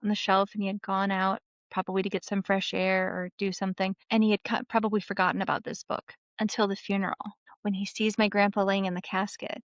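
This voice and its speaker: A woman in her thirties, a guest on a podcast, telling a family story in an animated, casual way. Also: medium pitch, fast, hardly any pauses, no echo. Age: 30s. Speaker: podcast guest, memoir author. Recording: dull lo-fi sound, dry.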